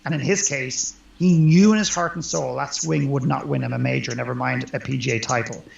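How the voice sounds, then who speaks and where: Gravelly earnest male coach, roomy sound. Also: medium pitch, a little fast, muffled recording. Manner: earnest, emphatic and reflective. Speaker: life coach guest. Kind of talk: conversational interview.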